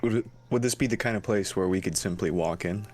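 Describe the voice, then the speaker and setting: A man playing a polite, measured male bard who asks questions deadpan. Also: low-pitched. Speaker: player.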